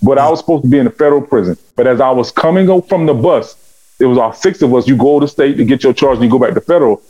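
A man's voice: medium pitch, fast, warm tone, lo-fi sound. A man telling his life story as an interview guest. He speaks fervently and animatedly, acting out the dialogue with big swings in his voice. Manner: fervent and preaching. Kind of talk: emotional testimony storytelling.

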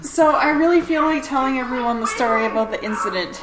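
A woman's voice: sits high, fast, roomy sound, background noise. A woman co-hosting a casual watch-along podcast, chatty and agreeable, telling anecdotes. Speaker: podcast co-host. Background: TV show audio playing.

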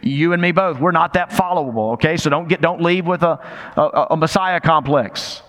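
A man's voice: fairly high pitch, moderate pace, a bit bright. An older man preaching a sermon, emphatic and conversational, with rhetorical questions and repetition. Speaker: pastor. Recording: long reverb of a large hall.

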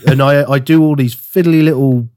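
A man's voice: mid-range voice, fairly even intonation, moderate pace, mellow, no echo, studio quality. A man co-hosting a podcast, chatting casually and rambling about his woodworking with frequent laughs. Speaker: podcast co-host. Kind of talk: casual chat.

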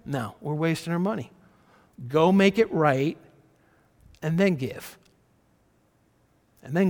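Earnest pastor preaching in a hall. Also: male voice, fairly high pitch, slow pace, pauses often. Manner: earnest, conversational preaching with swings from loud emphasis to soft. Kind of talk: sermon.

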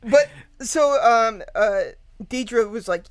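A woman's voice: fairly high pitch, slow, no room sound. A woman guest casually retelling a true-crime story, rambling with lots of fillers, laughing and swearing. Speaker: podcast guest.

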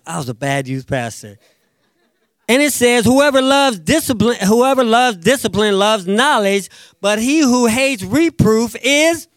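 Male pastor, high voice, dry close sound, lively sermon delivery with acted-out quotes. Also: dry recording. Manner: animated, acts out quotes, jumps loud and soft.

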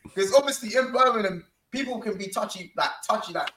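A man's voice: high voice, a little fast, crowd noise. A man, telling a story in casual banter as co-host and acting out the voices of the people in it. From London. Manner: animated storyteller, acts out other people's voices. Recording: roomy sound, a little off-mic.

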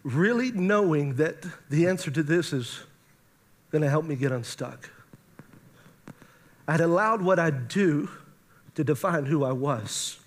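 Man, high voice, preacher, emotional testimony, live audience, acted-out dialogue. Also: lively intonation, measured pace, long pauses. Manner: emotional, acts out quoted dialogue. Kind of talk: sermon testimony storytelling.

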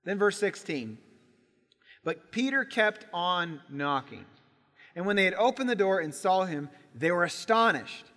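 A man preaching a sermon in a church, telling a Bible story with lively acted-out voices. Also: high voice, unhurried. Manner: animated storytelling, acts out voices in quotes. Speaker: pastor. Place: church sanctuary. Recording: church sanctuary with long reverb.

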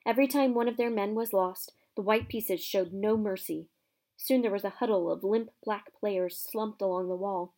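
A woman narrating a children's fantasy novel aloud with expressive, lively storytelling. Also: mid-range voice, moderate pace.

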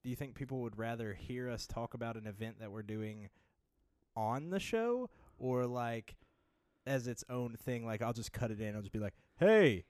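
A man's voice: mid-range voice, animated, moderate pace, a little mellow, no echo. Man, podcast co-host, casual banter, goofy, laughs a lot, dry sound.

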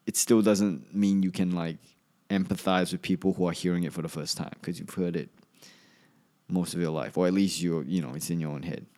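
A man's voice: sits low, steady tone, fairly quick, warm tone. A man hosting a solo podcast, talking in a rambling, chatty way with many restarts and a slight Australian accent. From Asia. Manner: rambling, chatty, self-correcting. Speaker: podcast host and comedian.

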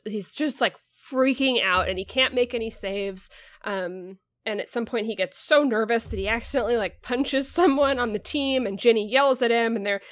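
A woman's voice: on the high side, dry recording. Chatty woman recapping, dry sound. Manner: rambling, filler-heavy, lots of "like" and "um". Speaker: podcast host. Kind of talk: casual chapter recap.

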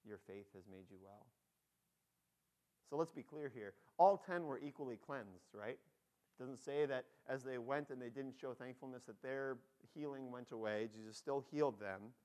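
A male pastor with a mid-range voice preaches a sermon at a moderate pace, telling the story with feeling. He acts out excited voices and drops to a soft tone on key points.

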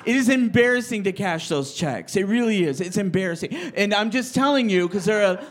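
A man hosting and performing live stand-up comedy on a club stage with a handheld mic, loud, animated and self-mocking. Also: high-pitched, a little fast. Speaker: comedy show host and comic.

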